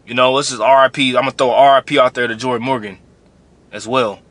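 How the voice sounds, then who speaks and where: A man preaching straight to the people he is answering. His voice is bright and forceful, and his tone is blunt and confrontational. He repeats phrases often as he drives each point home. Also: medium pitch, steady tone, quick pace, no echo. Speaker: religious commentator. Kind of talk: preaching commentary.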